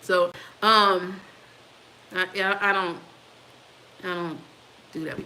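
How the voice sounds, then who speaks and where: Bright-voiced woman in her fifties chatting. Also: on the low side, fairly even intonation, slow pace, a little hiss or hum, poor audio. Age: 50s. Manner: laughs often, talks back to commenters. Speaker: livestream host reading viewer comments. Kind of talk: casual chat.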